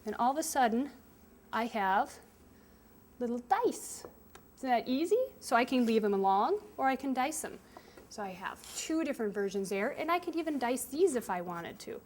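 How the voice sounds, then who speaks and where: A woman's voice: fairly high pitch, lively intonation, fairly quick, a little hiss or hum. A woman chef giving a hands-on cooking lesson to children, explaining each step patiently. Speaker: chef teaching kids.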